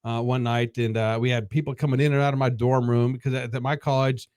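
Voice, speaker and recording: A man in his fifties, a podcast guest, telling casual stories in a halting way that repeats words. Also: mid-range voice, little pitch movement, darkish tone, no echo, studio quality. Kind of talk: casual storytelling.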